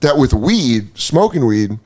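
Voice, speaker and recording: Animated man telling a wild story. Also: mid-range voice, takes it slowly, breathy edge. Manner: animated storyteller acting out his own reactions; swears freely. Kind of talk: casual podcast chat.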